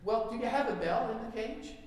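A man voicing a patient male pet store manager who calmly reassures a customer and sells her one more item, in a told joke. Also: extremely high pitch, fairly quick, pitched above the performer's own voice. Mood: reassuring. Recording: echoey hall, mic far off.

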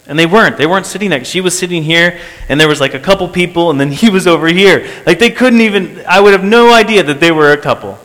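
A man's voice: on the high side, expressive, fairly quick, fairly bright tone. A man preaching and telling of a church meeting, earnest, repeating phrases for emphasis. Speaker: pastor. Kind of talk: sermon testimony. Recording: long hall reverb.

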